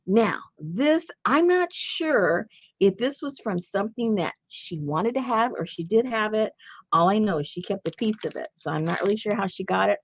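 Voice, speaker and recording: A woman's voice: medium pitch, husky, no echo, muffled recording. A woman hosting a craft channel, chatting casually and playfully while showing a handmade journal. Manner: playful and chatty, laughs often.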